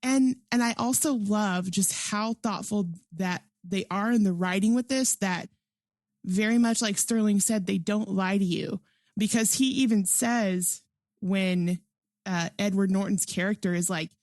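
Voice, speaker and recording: This podcast co-host is a woman with a medium-pitched, slightly slow and mellow voice, recorded dry with studio quality. She chats enthusiastically through a casual movie review, saying "like" constantly and laughing often.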